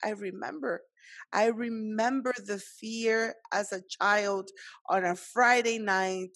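A woman's voice: medium pitch, fairly even intonation, slow, fairly bright tone, no echo. Earnest woman host, dry sound. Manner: encouraging, earnest, with many restarts. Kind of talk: faith-based conversation.

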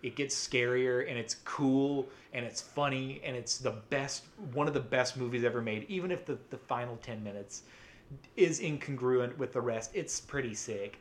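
A man's voice: medium pitch, normal speed. A man co-hosting a podcast, talking casually and enthusiastically, swearing often and rambling with many restarts. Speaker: podcast co-host. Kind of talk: casual chat.

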